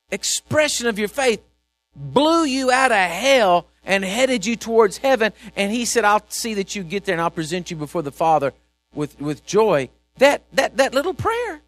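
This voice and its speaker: High voiced preacher guy, gets loud then drops real quiet, dry close sound. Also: moderate pace, no room sound. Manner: animated, repetitive, swings from shouting to quiet asides. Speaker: pastor. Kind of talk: sermon.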